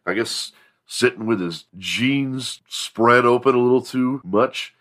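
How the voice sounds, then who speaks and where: A man's voice: mid-range voice, slow pace, fairly bright tone. A man hosting a morning show, telling rambling, profane comedic stories. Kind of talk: comedic storytelling.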